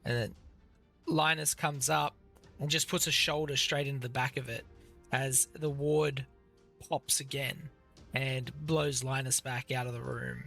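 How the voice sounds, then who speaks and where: A man's voice: medium pitch, steady tone, measured pace, creaky, sharp tone, faint music behind. A man narrating as game master of an actual-play tabletop game, vivid and descriptive with many fillers.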